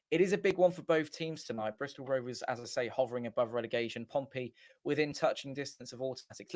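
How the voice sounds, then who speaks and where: A man's voice: medium pitch, no echo. Chatty man commentating a match. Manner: chatty, rambling, often corrects himself. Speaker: fan watchalong host. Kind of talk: casual live match commentary. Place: small home studio.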